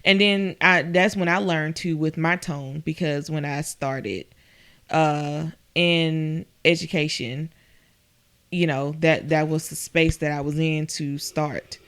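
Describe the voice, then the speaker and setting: A woman's voice: fairly even intonation, slow, a bit bright, smooth. A young adult woman chatting casually and telling stories from her working life, acting out what others said. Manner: storytelling, quotes people in a higher voice. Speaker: guest. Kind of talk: casual chat.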